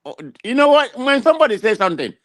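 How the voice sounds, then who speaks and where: Talking fast in a very high, nasal voice, a man with a heavy Nigerian accent appears as a guest on an American talk show, defensive and animated, repeatedly restarting as he argues his case in casual chat. The audio is studio quality with no echo.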